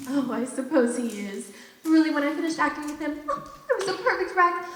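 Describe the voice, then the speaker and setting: Teen girl doing a catty gushing stage diva, high voice, way off in an echoey school hall. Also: lively intonation, fairly quick, fairly bright tone. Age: teens. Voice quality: affected, theatrical, swooping pitch. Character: glamorous, gushing, catty woman stage actress. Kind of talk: stage play acting. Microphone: far audience camera. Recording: distant, echoey school auditorium.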